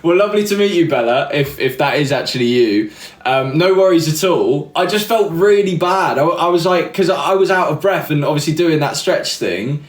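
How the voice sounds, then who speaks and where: In a reverberant space, a young male livestream host chats at normal speed with a fairly high, expressive voice. He reads live comments and meanders through self-deprecating stories, laughing as he goes.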